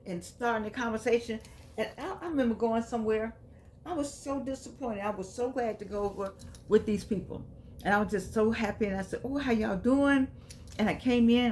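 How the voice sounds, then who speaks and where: A woman's voice: on the high side, slight background noise. A woman casually reading passages from a book aloud and talking them over in a conversational, down-to-earth way. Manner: grows quiet and subdued. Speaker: vlogger reading and commenting on a book.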